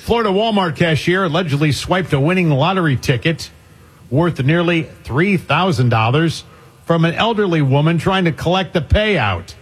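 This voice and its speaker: A man's voice: a little high, expressive, normal speed, breathy edge. A man co-hosting a radio show, reading news stories with wry asides in casual banter. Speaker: radio co-host.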